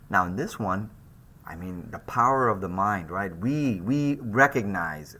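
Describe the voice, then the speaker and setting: Lively, bright-voiced male art lecturer. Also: on the low side, a little slow. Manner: lively, conversational, with frequent restarts and fillers. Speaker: art instructor. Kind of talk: recorded slide lecture.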